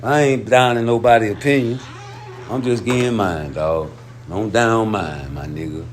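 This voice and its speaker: A man's voice: moderate pace, a little hiss or hum. A male host rambling in casual commentary, loose and profane. He leans hard on his points, and his voice climbs sharply when he gets heated. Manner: profane, emphatic, jumps high when heated. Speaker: show host.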